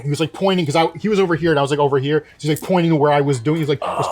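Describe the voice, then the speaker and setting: A man, a former sommelier, telling a restaurant story in casual conversation, animated and restarting his sentences as he goes. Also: a little high, quick pace.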